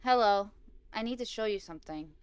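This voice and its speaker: A man's voice: high voice, brisk, smooth, no room sound, lightly acted. A woman reading aloud the lines of a kindly male neighbor in a text horror game, with a plain, sympathetic delivery.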